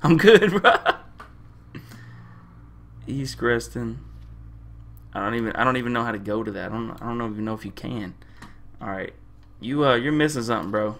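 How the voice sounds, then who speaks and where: Bright-voiced young man cussing out game characters. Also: medium pitch. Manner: loud, crude trash talk at game characters; slangy, repeats himself. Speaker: gamer playing a game. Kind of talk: profane casual gameplay commentary.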